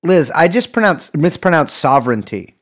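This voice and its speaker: A man's voice: on the high side, very animated, moderate pace, a bit bright. A man co-hosting a casual political podcast, joking around, swearing freely and often restarting his sentences. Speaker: podcast co-host.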